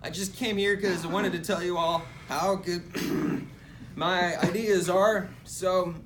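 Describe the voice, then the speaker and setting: A young man playing a bumbling, self-satisfied president in an amateur comedy skit, halting and stumbling over his words, giggly. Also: high-pitched, fairly even intonation, far from the mic. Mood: pompous. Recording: noisy amateur recording.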